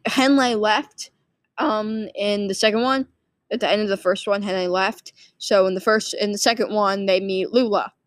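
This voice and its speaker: A woman's voice: medium pitch, no room sound. A sleepy woman casually rambling through a movie plot summary, full of fillers and restarts. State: sleepy, yawning. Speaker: movie recap vlogger.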